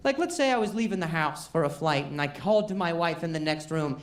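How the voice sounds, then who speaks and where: On a comedy stage before a live audience, a man who stutters delivers a self-deprecating stand-up set. His voice is on the high side, expressive and quick, with hardly any pauses, and the roomy live venue carries background noise.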